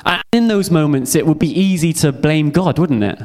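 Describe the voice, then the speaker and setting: A man's voice: on the high side, expressive, moderate pace, a little mellow. A young man giving a heartfelt personal testimony sermon to a youth audience. He speaks earnestly and repeats phrases for emphasis.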